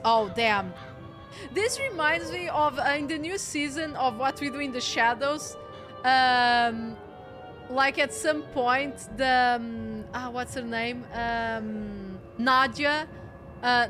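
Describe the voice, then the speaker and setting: A woman's voice: fairly high pitch, takes it slowly, music in the background. A woman streaming a game, chatting casually and reading the game's lines aloud in playful voices. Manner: animated, swearing, reads game lines aloud in character voices.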